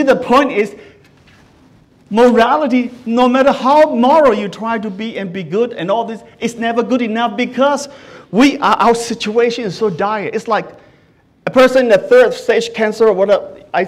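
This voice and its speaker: Male pastor, high voice, earnest sermon with frequent restarts. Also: moderate pace. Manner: earnest, asks the listeners many questions; often restarts words mid-sentence.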